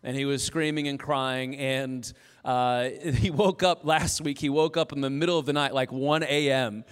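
A man in his thirties preaching a sermon as pastor, telling stories in an animated way and quoting himself. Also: medium pitch, normal speed, smooth. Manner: animated, storytelling with self-quotes. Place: church auditorium. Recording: long reverb of a large hall.

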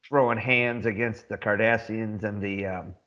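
Excitable rambling man, lo-fi sound. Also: fairly low pitch, normal speed. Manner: rambling, excitable, laughs often. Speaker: podcast co-host. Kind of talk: casual chat.

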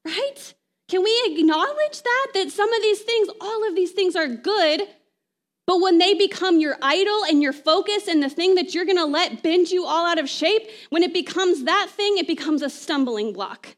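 High-voiced woman preaching a sermon. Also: expressive. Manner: conversational, often asks "right?"; reads scripture aloud, slowing down.

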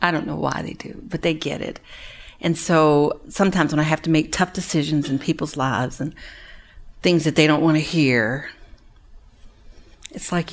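A woman who runs a women's recovery ministry, telling animated, heartfelt stories to an audience. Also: low voice, normal speed, long pauses. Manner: animated, acts out other people's voices; earnest and heartfelt, drops quieter on sad moments. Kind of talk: storytelling talk to an audience.

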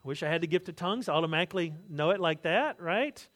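A man preaching a sermon, telling stories with lively asides and jokes, acting out other people's words. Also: sits high, fast. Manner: animated storytelling, acts out quotes, asides and jokes. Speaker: pastor.

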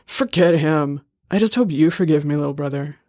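A man's voice: on the high side, normal speed, darkish tone, no room sound, studio quality, lightly acted. A man voicing a rambling drunk older brother.

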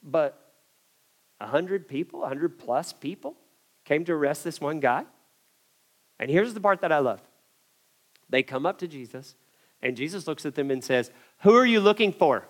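A man preaching a sermon, telling a story in an animated way and swinging from loud emphasis to hushed moments. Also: fairly high pitch, normal speed, long pauses.

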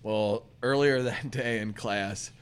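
Man co-host, casual chat, animated storyteller who laughs and swears. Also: on the low side, takes it slowly, smooth.

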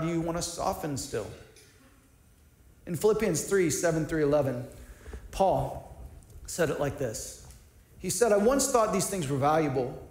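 A man's voice: fairly high pitch, a little mellow, roomy sound. A man preaching a sermon in an earnest, conversational way, asking rhetorical questions and often restarting his sentences. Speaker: pastor.

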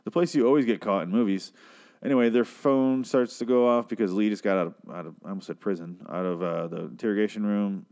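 Sarcastic rambling man, low voice. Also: a little mellow, smooth. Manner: sarcastic, rambling, swears freely. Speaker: show recapper. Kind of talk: casual recap commentary.

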